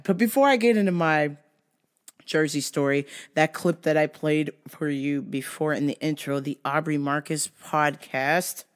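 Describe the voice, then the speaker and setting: A hoarse woman from California hosting a casual solo podcast, chatty, laughing often and swearing freely. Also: low-pitched. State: hoarse from yelling. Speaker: podcast host.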